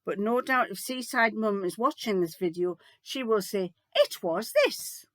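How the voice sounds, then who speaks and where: A woman's voice: medium pitch, moderate pace, fairly bright tone, no echo. An older woman, rambling and chatty as she answers viewers' questions in a sewing vlog, with lots of fillers and restarts. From United Kingdom. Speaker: sewing vlogger. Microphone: laptop mic.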